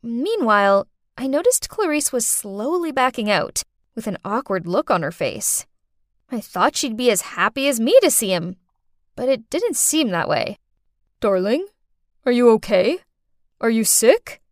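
Eine Frau erzählt mit lebhafter, auf und ab springender Stimme eine dramatische Ich-Geschichte für einen Podcast. Ihre eher hohe Stimme klingt trocken und nah am Mikrofon. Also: female voice, fairly high pitch, moderate pace, no room sound, studio quality. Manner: expressive, dramatic storytelling. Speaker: narrator. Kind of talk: first-person storytelling podcast.

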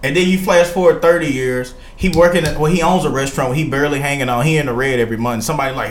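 A man hosting a casual podcast chat with friends, animated as he retells movie scenes and quotes the characters. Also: on the high side, racing, hardly any pauses. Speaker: podcast host. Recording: echoey room, faint background noise.

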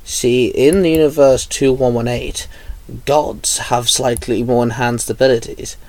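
A solemn knight speaks in formal, measured sentences, as a man reads his part. His voice sits in a middle pitch. The sound is dry. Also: fairly even intonation, a little mellow, no echo, lightly acted. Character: solemn male knight, the Silver Morphing Master.

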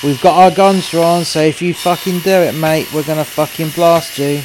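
A man's voice: fairly high pitch, steady tone, moderate pace, background noise, pitched above the performer's own voice, natural voice. A man voicing an aggressive armed police officer barking sweary threats. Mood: threatening.

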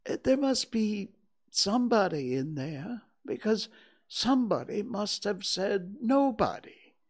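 A man voices a slow, simple-minded bear from a storybook, pitched well up and dawdling over every word. He hesitates and trails off, starting many lines with a small "uh". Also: very animated, exaggerated voice. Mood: puzzled.

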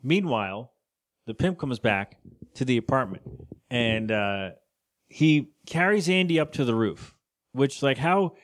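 A man's voice: medium pitch, expressive, a little slow. A man co-hosting a podcast, chatting casually as he recaps a cartoon episode, rambling and laughing often. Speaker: podcast co-host.

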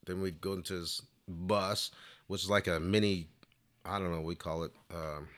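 A man's voice: sits low, fairly even intonation, normal speed, fairly bright tone. A man telling a long story in casual interview talk, rambling along with plenty of "you know" fillers. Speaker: flute player telling a story.

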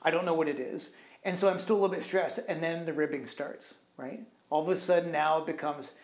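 Talking a little fast in a higher-leaning voice, a man on a podcast, where he's co-host, relays a lengthy work story in loose, rambling fashion. He's animated, mimics what others said, and fills gaps with "right?" and "kind of thing."

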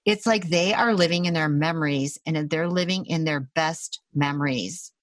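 A Reiki practitioner and intuitive healer casually tells a story in conversation, speaking animatedly, laughing often, and using lots of fillers. Her voice is deep and moves at normal speed on a dry recording.

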